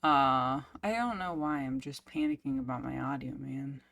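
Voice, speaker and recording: A woman's voice: extremely low pitch, normal speed, gravelly, fairly bright tone. A woman streaming a story game, reading narration aloud and fretting in muttered asides. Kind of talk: let's play commentary and narration reading.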